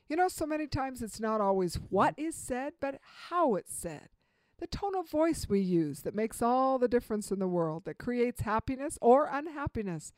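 A middle-aged woman giving an earnest instructional talk, slowing down to stress key points. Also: fairly high pitch, animated, darkish tone, no room sound. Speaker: communication speaker.

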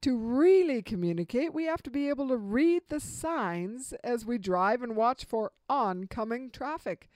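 A middle-aged woman giving an earnest instructional talk, slowing down to stress key points. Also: fairly high pitch, lively intonation, a little mellow, no echo. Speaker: communication speaker.

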